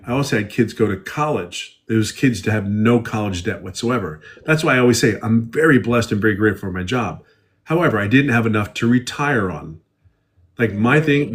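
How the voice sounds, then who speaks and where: A middle-aged man, a guest in a casual live interview, who rambles and repeats himself as he tells stories. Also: medium pitch.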